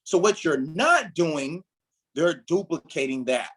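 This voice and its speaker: A man's voice: a little high, lively intonation, slow, a bit bright, poor audio. A man leading a motivational training talk for his team as their mentor, emphatic and preachy, often checking in with "right?". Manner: emphatic, repeats "right?", preachy build-ups.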